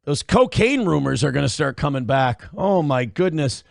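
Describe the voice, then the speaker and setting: A man hosting a casual livestream, reading out donations and chatting with viewers. His voice swings from hyped shouting to low muttering. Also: very animated, normal speed, vocal fry, dry recording, studio quality. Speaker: livestream host.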